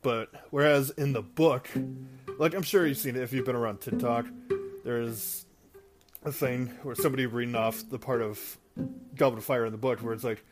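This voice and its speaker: A man's voice: medium pitch, fairly even intonation, normal speed. A man casually retelling a movie plot as a show host, rambling with fillers and restarts. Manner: rambling, many fillers and restarts, laughs at own stumbles. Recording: guitar music in background.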